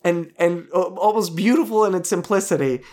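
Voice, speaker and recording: A man's voice: sits high, fairly quick, darkish tone. Rambling man in casual podcast chat. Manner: rambling, restarts sentences while thinking aloud. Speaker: podcast co-host.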